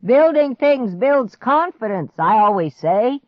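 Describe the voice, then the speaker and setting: A woman voicing a cheerful old grandfather who shouts across the yard. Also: on the high side, big pitch swings, takes it slowly, no room sound, pitched above the performer's own voice. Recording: dry, slightly muffled audiobook recording.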